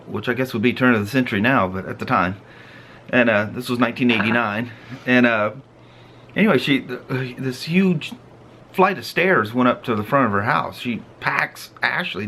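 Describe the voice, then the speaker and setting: A middle-aged man from the Pacific Northwest of the US hosts a family vlog, speaking at a medium pitch. He tells a story casually and animatedly, laughing and acting out its moments. There's a little hiss or hum in the audio.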